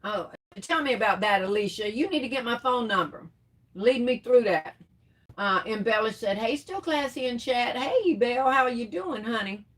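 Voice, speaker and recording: A woman's voice: on the high side, lively intonation, moderate pace. Chatty woman greeting viewers. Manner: warm terms of endearment, chatty, laughs often. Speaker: livestream crafts host. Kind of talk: casual live chat, reading comments.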